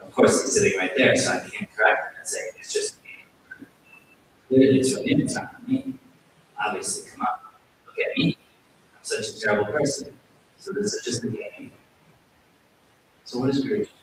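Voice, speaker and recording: A man's voice: mid-range voice, fairly quick, pauses often. Male yoga teacher, temple talk, self-deprecating storyteller; big hall echo, mic set far back. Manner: self-deprecating, animated storytelling with acted quotes. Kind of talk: sermon with storytelling. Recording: very echoey hall, distant mic, faint hiss.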